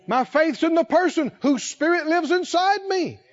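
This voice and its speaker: High-voiced man preaching with fervor. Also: lively intonation, moderate pace, highs cut off. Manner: emphatic preaching, repeating key phrases with rising intensity. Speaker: pastor. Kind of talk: sermon.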